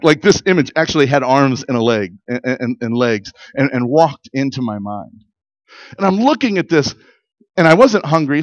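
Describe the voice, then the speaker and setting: A man's voice: mid-range voice, no room sound, dull audio. A middle-aged pastor preaching in an earnest, conversational way, often restarting his sentences and building to emphatic peaks. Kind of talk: sermon.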